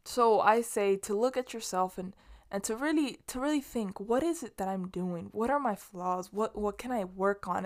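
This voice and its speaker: A woman's voice: medium pitch, normal speed. A young woman from Los Angeles hosting her podcast alone, chatting in a rambling, casual way, swearing freely and restarting often. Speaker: podcast host. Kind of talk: casual solo monologue.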